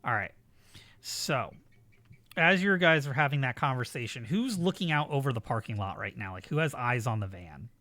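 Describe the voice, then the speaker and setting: Bright-voiced man running a tabletop game. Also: medium pitch, animated, moderate pace, dry recording. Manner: casual narration with fillers. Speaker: game master.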